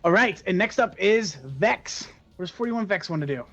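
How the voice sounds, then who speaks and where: A game master narrates and explains dice results in a relaxed manner, pausing often with fillers. The pitch sits in a middle range. The recording sounds dull and lo-fi. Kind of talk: running a tabletop game.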